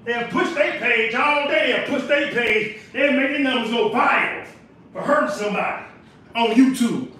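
Speaking at a moderate pace, this bright, very high-voiced Californian preaches emphatically during a casual livestream, driving the same points home again and again. A phone set some distance away in his kitchen picks him up, so he sounds distant amid heavy echo.

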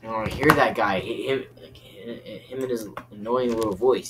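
A young man giving excitable game commentary, rambling and yelping in panic. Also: fairly low pitch, moderate pace, noisy background. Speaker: gaming YouTuber.

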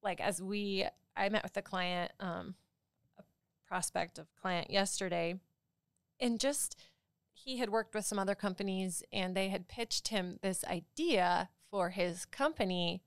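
Young woman, podcast host, casual joking chat, smooth clear voice, dry sound. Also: medium pitch, no room sound. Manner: chatty, joking, fast filler-heavy talk.

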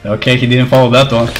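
A man's voice: medium pitch, background noise. A man streaming a fighting game, muttering reactions, swearing and laughing at his own mistakes as he plays. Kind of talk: casual gameplay commentary. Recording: game music under the voice. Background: game music.

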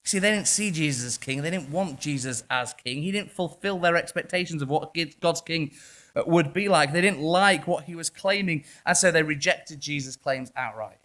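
A pastor with an English accent preaches passionately in church, alternating between quiet passages and loud ones. His pitch is fairly high and his speed normal.

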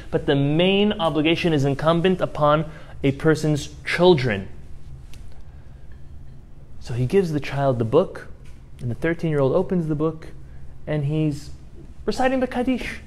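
A rabbi delivers a sermon in a slightly high-pitched voice. He tells a story, mostly hushed and measured, then rises into impassioned, emotional outbursts. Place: synagogue.

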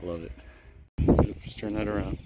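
A man's voice: fairly low pitch, steady tone, moderate pace, very noisy. A middle-aged man, a gardening vlogger, chatting enthusiastically through a casual travel vlog.

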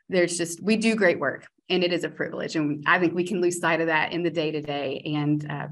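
A woman's voice: low voice, fairly bright tone. A woman community college educator telling a student story on a webinar panel, earnest and reflective.

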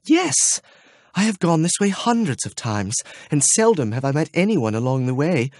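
A man voicing a timid, wistful young princess in an audiobook, speaking in a soft, husky half-whisper. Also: on the high side, sing-song, moderate pace, dry recording, studio quality, pitched above the performer's own voice. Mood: earnest.

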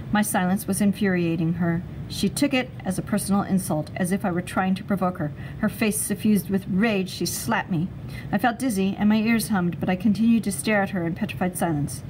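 A woman narrating a chapter book aloud in a steady, expressive storytelling voice. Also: mid-range voice, fairly quick, background noise. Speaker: reader.

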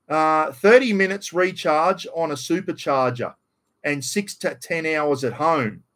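A man's voice: on the high side, fairly bright tone. A middle-aged Australian man chatting bluntly and rambling on a casual live stream, still getting over a cough. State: slight cough after illness. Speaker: livestream host.

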